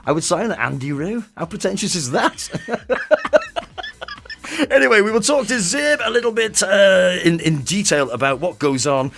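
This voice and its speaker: Male radio host, from north wales, casual chat, playful asides, lively intonation, studio mic. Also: high-pitched, normal speed, vocal fry. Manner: chatty, laughs often, playful asides. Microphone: studio microphone.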